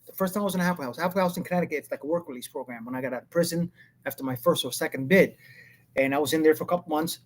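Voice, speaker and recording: A man's voice: a little high, racing. A man hosting a show with casual political commentary, talking in a rambling, blunt way and often laughing. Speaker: show host.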